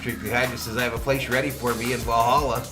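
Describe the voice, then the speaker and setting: A male fan host calls the game play-by-play at a quick pace in a mid-range voice, with music playing underneath. He's animated and jokey, reading chat names aloud and joking with viewers during the watch party.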